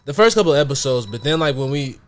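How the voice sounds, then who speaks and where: A man's voice: fairly high pitch, big pitch swings, very fast, noisy background. A man hosting a podcast, chatting casually and explaining his thinking at length with many fillers. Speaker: podcast host.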